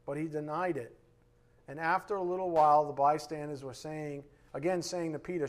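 A man teaching a Bible lesson in a relaxed, conversational way, often checking in with his listeners with "right?". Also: a little high, moderate pace.

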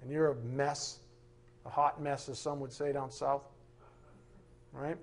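A man's voice: mid-range voice, unhurried, pauses often. A man teaching a Bible class in a casual, joking way, acting out little voices as he goes. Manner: animated, joking, acts out voices.

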